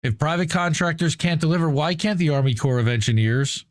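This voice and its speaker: A man's voice: a little high, fairly quick, dry recording. Profane male commentary host, dry sound. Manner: profane, conversational, reads aloud then comments. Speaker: news show host. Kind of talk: casual commentary reading and reacting to an article.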